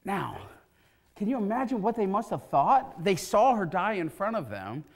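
A pastor preaches in a church, his voice sitting a little higher than most men's. He tells the scripture story with feeling and acts out the voices of the people in it. He speaks into a pulpit microphone. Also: normal speed. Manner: animated storytelling, acting out quoted voices. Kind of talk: sermon. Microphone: pulpit mic.

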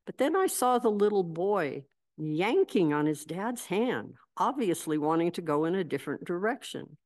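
A woman pastor delivering a sermon, telling stories in a measured, reflective way. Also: on the low side, big pitch swings, a little mellow.

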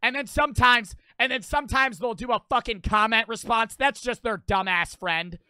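A man's voice: extremely high pitch, normal speed, sharp tone, clear, resonant tone, no echo. A young man streaming a reaction video, with profane, mocking, rambling commentary.

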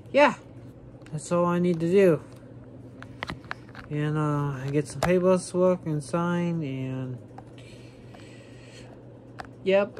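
A woman's voice: on the low side, a little mellow, a little hiss or hum, pitched below the performer's own voice. A woman voicing a stern male police officer who plods along with fillers as he sorts out paperwork.

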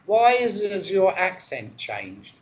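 A man from England with a noticeably high voice, co-hosting an improvised comedy chat. He rambles through absurd claims in a mock-earnest way and swears freely. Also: huge pitch swings, takes it slowly. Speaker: comedy co-host.

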